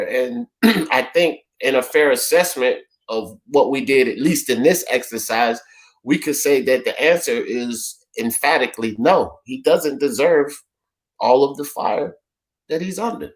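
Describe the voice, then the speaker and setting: A man's voice: mid-range voice, measured pace. A man hosting a casual sports talk panel, rambling through a summary and calling on his panelists by name. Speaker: host of a sports talk show.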